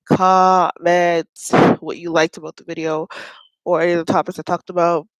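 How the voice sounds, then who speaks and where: A woman's voice: lowish voice, level tone, normal speed, dry recording, low-quality recording. A woman hosting a casual mukbang livestream from home, chatty and giggling at her own jokes, with a stuffy nose.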